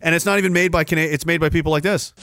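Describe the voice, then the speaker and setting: A man's voice: on the high side, fairly even intonation, rapid-fire, pushed and bright, dry recording, studio quality. Sarcastic, ranting podcast host, a man. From Canada. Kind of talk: ranting livestream commentary.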